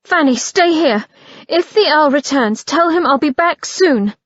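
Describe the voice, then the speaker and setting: A woman's voice: sits high, lively intonation, measured pace, no room sound, highs cut off, pitched above the performer's own voice. A woman voicing a frantic young widow heroine who talks in an urgent, insistent, raised voice.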